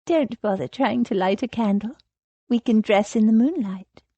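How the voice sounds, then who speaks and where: A woman's voice: a little high, normal speed, dark tone, husky, no room sound, highs cut off. A woman reading an audiobook voices a spirited young noblewoman with an eager, pressing manner.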